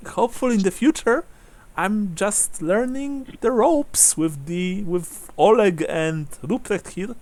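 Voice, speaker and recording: A man's voice: high-pitched, animated, slow, darkish tone, pitched above the performer's own voice, full character voice. A man voicing a shy young woman training as a priestess, who stammers and hesitates.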